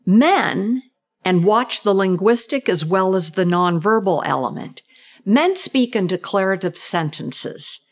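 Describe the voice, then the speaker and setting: A woman's voice: medium pitch, animated. A woman communication expert giving an explanatory talk, using short role-play examples to show intonation. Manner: measured, deliberate delivery. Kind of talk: explanatory talk on gendered speech patterns.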